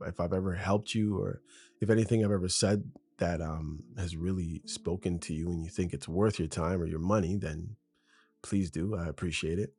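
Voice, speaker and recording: A man with a deep, mellow, husky voice hosts his own podcast, going off script in a casual, rambling monologue as though talking to his best friend. He sits at a studio mic with a foam shield in a room at home, in front of a window.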